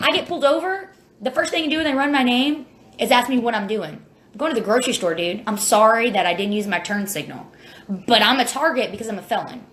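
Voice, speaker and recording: A woman's voice: fairly high pitch, fairly bright tone. A woman speaking straight to camera about life after prison, blunt and impassioned, plain-spoken and cursing now and then. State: near tears. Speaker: former prisoner sharing her story. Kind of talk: casual direct-to-camera video.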